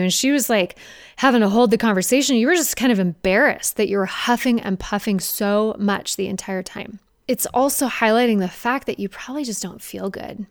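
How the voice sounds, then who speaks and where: A young woman fitness coach talking straight to her viewers in an energetic, conversational way, with playful mocking asides. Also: medium pitch, smooth, dry recording, clean studio sound. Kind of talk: direct-to-camera coaching talk.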